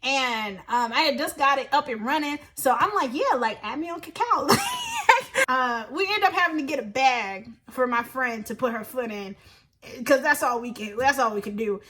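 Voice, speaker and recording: A young woman in her twenties, telling an animated story to camera in a slangy, emphatic way and often laughing. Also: high voice, normal speed. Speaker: vlogger.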